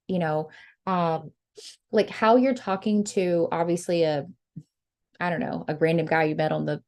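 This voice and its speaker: A young woman giving lively, chatty sales coaching on a group call, acting out bits of dialogue. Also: lowish voice. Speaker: sales trainer.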